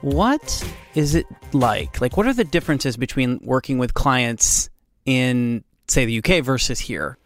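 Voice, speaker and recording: An American woman hosting an interview, curious and quick to laugh. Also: very deep voice, lively intonation, faint music behind. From San Jose area, US. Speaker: podcast host. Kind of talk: casual interview chat.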